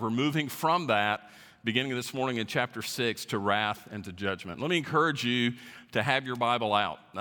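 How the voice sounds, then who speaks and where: A man preaches to his congregation in a church sanctuary, leaning hard on key words as he teaches verse by verse. His voice is bright and forceful, and it rings with a long hall reverb. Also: medium pitch. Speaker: pastor. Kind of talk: sermon.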